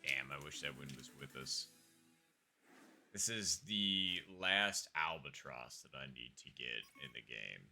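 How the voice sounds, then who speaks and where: A man streaming a golf video game, casually commenting on his shots and chatting with viewers in a relaxed, muttering way. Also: rumbling low, a little slow, gravelly, faint music behind. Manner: relaxed, muttering asides to chat.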